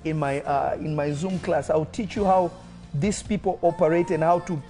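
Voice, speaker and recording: Brief: mid-pitched preacher, commanding deliverance prayer, tongues, soft music behind. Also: fairly even intonation. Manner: commanding declarations mixed with speaking in tongues; rising to loud fervent peaks, then dropping to quick murmurs. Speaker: pastor. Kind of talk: live-streamed deliverance prayer.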